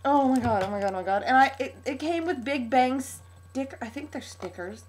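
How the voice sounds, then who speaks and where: A young woman opening a gift on her home vlog, gushing with excitable, breathless exclamations. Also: sits high, normal speed. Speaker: vlogger.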